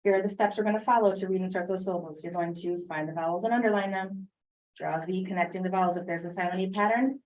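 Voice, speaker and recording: A woman teaching a phonics lesson in a classroom, briskly prompting students with questions and quick praise. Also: on the low side, darkish tone. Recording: distant classroom mic.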